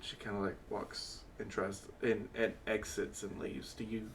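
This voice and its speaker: A man's voice: on the low side, little pitch movement, normal speed, a little hiss or hum. A man narrating as dungeon master in a loose, rambling way, full of fillers and self-corrections. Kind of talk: improvised tabletop game narration.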